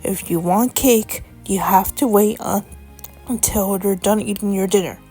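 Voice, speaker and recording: A strict, patient dad laying down the rules in a storybook tale, read by a woman. Measured, slow and firm, with a gravelly texture and soft music underneath. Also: medium pitch. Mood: stern. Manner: firm, scolding. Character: stern strict father, patient but firm.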